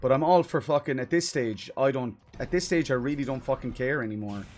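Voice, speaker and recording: A man's voice: mid-range voice, brisk. Frustrated man ranting at a game. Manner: frustrated, ranting, heavy swearing. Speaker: gaming streamer. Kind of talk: casual live-stream commentary.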